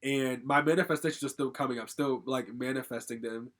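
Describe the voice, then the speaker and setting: A young man from Connecticut tells a personal story in a loose vlog style. He talks at a rapid clip, circling back on himself with constant "like" fillers and casual swearing. His voice sits in a middle register. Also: medium pitch, steady tone, fairly bright tone. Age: young adult. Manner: rambling, heavy use of "like" fillers, swears casually. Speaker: storytime vlogger.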